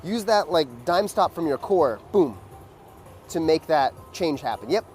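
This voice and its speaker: A man with a slightly high voice teaches a dance in a loose, chatty way. He fills his talk with "like" and "right?" and marks the beats with sounds like "boom." Faint music plays behind him. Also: expressive, unhurried, darkish tone. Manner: loose, filler-heavy explaining with beat sounds like "boom". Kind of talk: casual dance lesson.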